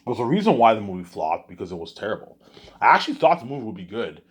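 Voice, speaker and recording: A man speaks very low, with a husky, rough edge to his voice. He rambles through a casual vlog monologue, repeating words and restarting sentences as he goes. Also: very animated, fast talker. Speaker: vlogger.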